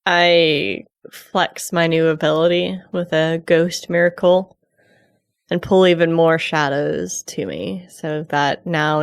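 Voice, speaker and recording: A woman playing a tabletop game, calmly and deliberately describing her character's actions. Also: low voice, vocal fry, dry recording, clean studio sound. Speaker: player.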